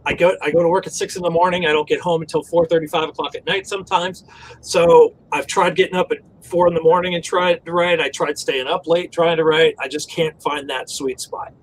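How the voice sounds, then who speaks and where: A man's voice: on the high side, steady tone, brisk, slight background noise, low-quality recording. A man asking for writing advice on a casual group video chat, polite and hesitant, trailing off as he talks.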